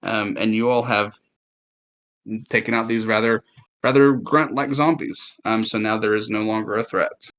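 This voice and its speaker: A man narrating as game master in a tabletop game, describing scenes haltingly and with many fillers. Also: fairly low pitch, steady tone, a bit bright.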